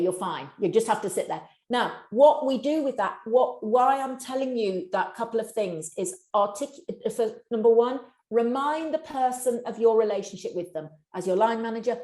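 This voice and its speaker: A woman giving a long, practical answer on workplace mental health during a live session. She talks fast, restarts sentences often and speaks straight to her audience. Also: on the high side, a little mellow, roomy sound. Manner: fast-talking, with many restarts. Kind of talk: live webinar answer to a question.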